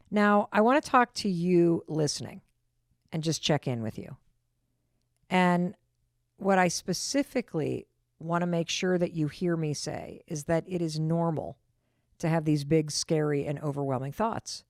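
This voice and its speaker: A woman's voice: sits low, a little slow, dry recording, clean studio sound. A middle-aged woman hosting a podcast, talking in an earnest, reassuring and emphatic way. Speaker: podcast host. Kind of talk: casual podcast conversation.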